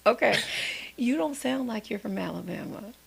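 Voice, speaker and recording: A woman's voice: on the high side, expressive, normal speed, vocal fry, husky. A woman from East Texas hosting a casual interview, asking questions and chiming in with short affirmations. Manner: asks questions, affirms often with short replies. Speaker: host.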